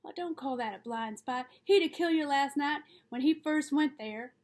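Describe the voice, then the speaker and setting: Woman doing a blunt indignant kid brother, high voice. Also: normal speed, a little mellow, close to an everyday voice. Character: earnest, indignant boy of about twelve.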